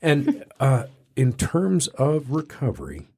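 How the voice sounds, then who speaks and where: Rambling Texan podcast host. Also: male voice, mid-range voice, takes it slowly, breathy edge. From Texas. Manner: rambling storyteller, animated voices in quotes, self-deprecating. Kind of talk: casual interview. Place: small studio.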